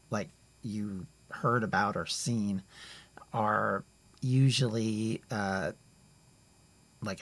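A man runs a tabletop game, describing the scene in an unhurried, halting way. He circles back, corrects himself, and lets pauses hang as he narrates. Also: lowish voice, no room sound. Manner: rambling, halting, many fillers and restarts. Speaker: game master.

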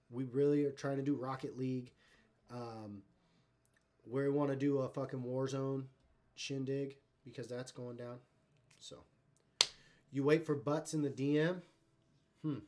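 A man's voice: mid-range voice, a little mellow. A man hosting a live stream in casual chat, talking in a loose, rambling, profane way.

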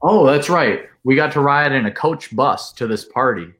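A man telling a long, animated party story in casual chat, with lots of "like" and acted-out quotes. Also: medium pitch, moderate pace, echoey room. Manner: animated, full of "like", acts out quotes. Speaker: podcast guest.

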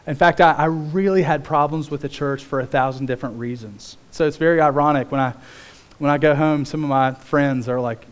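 A man preaching a sermon as pastor, telling stories in an animated way with big swings in pitch. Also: brisk, smooth.

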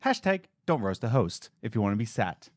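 A man's voice: lowish voice, a little fast, dry recording, clean studio sound. A young man co-hosting a casual podcast, telling jokey stories and acting out the voices of people in them. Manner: animated, jokey storytelling with mimicked voices. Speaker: podcast co-host.

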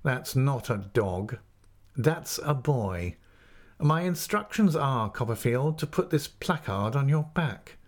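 A man voicing a grave, stern schoolmaster who speaks in a measured, formal way. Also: on the high side, lively intonation, voice pushed up.

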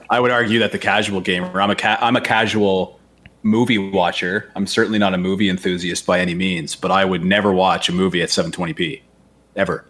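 A man with a fairly low voice argues his side in a casual discussion. He restarts and repeats words as he works out his point. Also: steady tone, brisk, fairly bright tone, a little hiss or hum. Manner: argumentative, repeats words while thinking. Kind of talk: casual chat.

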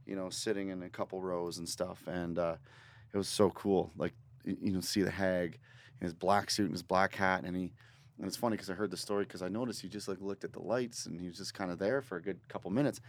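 A man, a musician guest in a studio interview, spins a rambling, animated story at a fast clip. His voice sits on the low side, and he swears casually as he goes. The sound is dry and close. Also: dry recording. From Northern Ontario, Canada. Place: recording studio.

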